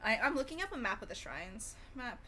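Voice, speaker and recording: Chatty, bright-voiced woman streamer. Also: fairly high pitch, very animated, a little hiss or hum. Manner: rambling, retells a movie with quick acted quotes and laughs. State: sleepy. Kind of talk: casual gaming stream chat.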